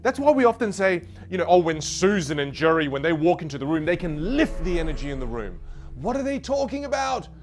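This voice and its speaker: A man teaching an online voice course, animated and playful, showing pitches from low to high. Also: brisk, music in the background. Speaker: voice coach.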